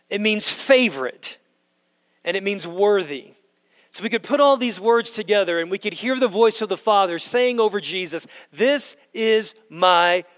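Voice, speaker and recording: A middle-aged male pastor preaching a sermon in a church, slowing down to stress key words and building to loud emphasis. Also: high-pitched. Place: church sanctuary. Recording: long hall reverb in a church.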